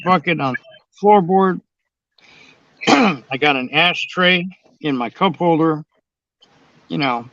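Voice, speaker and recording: A man's voice: on the high side, a bit bright, no room sound. A man chatting casually and bluntly, swearing constantly as he tells his stories. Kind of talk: casual profane chat. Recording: dull, dry lo-fi sound.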